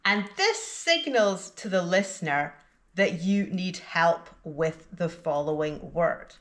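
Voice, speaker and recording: A woman teaching an English lesson in a slow, deliberate scripted delivery, with exaggerated intonation in her example sentences. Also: lowish voice, expressive, fairly bright tone.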